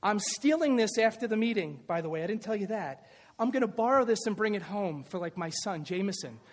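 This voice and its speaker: A middle-aged male pastor preaching a lively sermon, shouting at the peaks and joking in playful asides. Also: high voice, fairly quick. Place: church. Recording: reverberant church hall.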